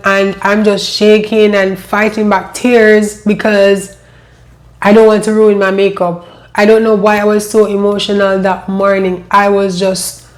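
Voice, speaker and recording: Recounting her personal life story, a woman speaks with a lilt in a mid-range voice that stays steady and level, rarely moving up or down. Emotion makes her halting, and she keeps circling back to repeat herself.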